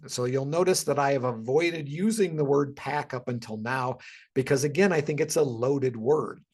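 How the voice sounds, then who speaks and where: A man's voice: medium pitch, moderate pace, a little mellow, husky. A man giving a casual educational webinar talk about wildlife, conversational and full of ums and restarts.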